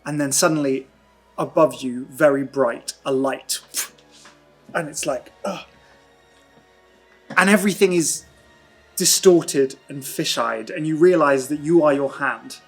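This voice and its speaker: A man narrating a tabletop role-playing game as game master, in slow, hushed, dreamy descriptions. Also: on the high side, husky, faint music behind.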